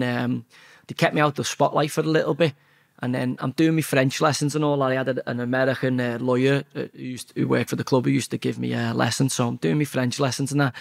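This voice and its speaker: A man's voice: mid-range voice, steady tone, quick pace, vocal fry. A man in his forties with a Scouse accent, telling a rambling anecdote in casual chat, swearing constantly and restarting his sentences. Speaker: guest. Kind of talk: casual storytelling.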